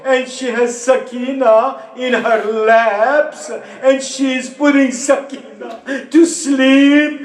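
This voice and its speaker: High-voiced man preaching an emotional mourning sermon. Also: fairly even intonation, distant mic. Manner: emotive, slow, rising to cries. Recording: echoey room.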